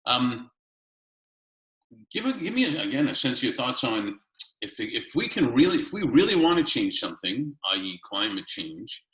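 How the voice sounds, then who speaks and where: Male interviewer, bright lowish voice, rambling questions with restarts, echoey room. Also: very animated, normal speed.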